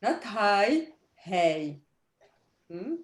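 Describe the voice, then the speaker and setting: Slow, patient woman teaching a language. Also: medium pitch, very animated. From Arab world. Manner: slow, patient, drilling words with students. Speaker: Arabic teacher. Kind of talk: online language lesson.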